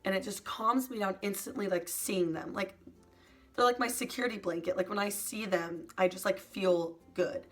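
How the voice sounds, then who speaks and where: A young woman YouTuber talking in a soft, hesitant confessional vlog, full of "like" fillers and sometimes close to tears. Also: medium pitch, fairly even intonation, normal speed, soft background music. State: emotional, near tears at times.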